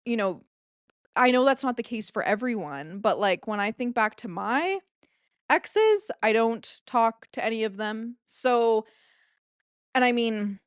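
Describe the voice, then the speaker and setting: A woman's voice: fairly high pitch, animated, a little slow, smooth, no echo, studio quality. A woman in her late twenties hosting a solo podcast, talking in a rambling, confessional way, full of filler words and casual swearing. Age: late 20s. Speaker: podcast host.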